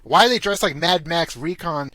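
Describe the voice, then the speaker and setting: A man co-hosting a podcast, talking in casual chat and mocking with quick put-on quotes. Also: on the high side. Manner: animated, profane, mocks with put-on quotes. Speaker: podcast co-host.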